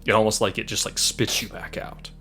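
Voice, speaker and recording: A man narrating a tabletop game as game master, describing scenes in an animated way. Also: on the low side, fairly quick.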